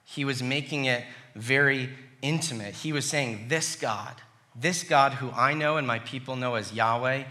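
A middle-aged man preaching a sermon, reading scripture slowly and then telling personal stories with lively acted-out quotes. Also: mid-range voice. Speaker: pastor.

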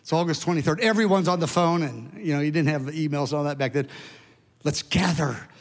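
Older male preacher, 70s, high voice, emphatic storytelling, big echoing sanctuary. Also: fast talker. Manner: animated, emphatic, conversational asides. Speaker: pastor. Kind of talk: sermon storytelling. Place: large church hall. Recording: long hall reverb.

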